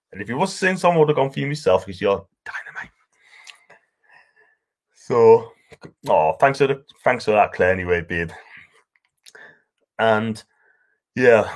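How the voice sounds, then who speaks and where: A man with a broad North East English accent hosting a live stream, chatting casually and reading out viewer comments in a rambling, affectionate way. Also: lowish voice. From North East England. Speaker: livestream host.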